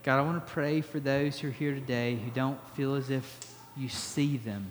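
A pastor giving a conversational sermon that turns emphatic, then closes in quiet prayer. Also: male voice, medium pitch, fairly even intonation, normal speed, slight background noise. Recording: long reverb of a church hall.

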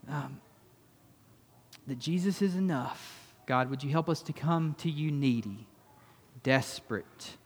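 A pastor giving a conversational sermon that turns emphatic, then closes in quiet prayer. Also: male voice, fairly high pitch. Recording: long reverb of a church hall.

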